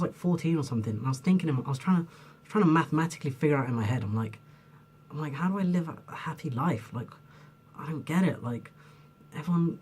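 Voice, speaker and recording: A young man with a husky, slightly breathy voice delivers an unscripted rant to camera. He rambles and restarts, gets heated, swears freely and leans on "like" constantly. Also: a little high, a little mellow. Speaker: vlogger.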